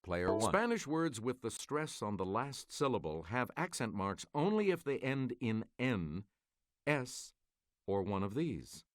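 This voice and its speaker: A man hosting a quiz game, reading each clue in a crisp, measured announcer style. His pitch moves freely and expressively through every line, sitting at an ordinary middle height for a man. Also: sing-song, no room sound, clean studio sound. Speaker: quiz show host. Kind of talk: reading quiz clues and answers.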